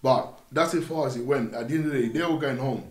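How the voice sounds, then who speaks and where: A young man with a London accent telling stories in a casual podcast chat, animated and acting out the voices in his anecdotes. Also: mid-range voice, quick pace. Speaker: podcast guest. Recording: roomy room.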